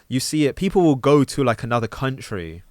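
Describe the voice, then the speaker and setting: Male podcast host, London accent, animated chat, dry studio sound. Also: medium pitch, fairly quick, no room sound. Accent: London English. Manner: animated, acts out quoted people. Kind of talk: casual conversation.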